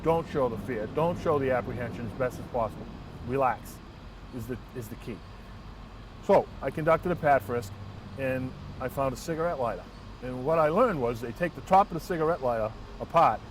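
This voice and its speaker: A man, a transit police lieutenant, telling a work anecdote in an earnest, measured way with frequent restarts. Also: medium pitch. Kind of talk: first-person anecdote and reflection. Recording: distant mic, faint outdoor traffic noise.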